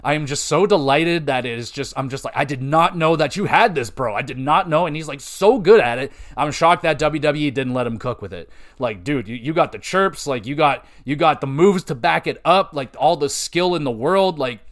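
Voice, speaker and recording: Young man, podcast host, fairly high-pitched, excitable, swears a lot, rambling casual chat. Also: normal speed, few pauses. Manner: excitable, profane, rambling with filler "like".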